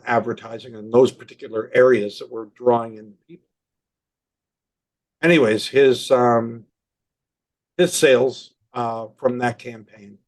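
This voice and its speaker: A man in his sixties, a marketing consultant, telling animated stories with quoted dialogue in a podcast interview. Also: mid-range voice.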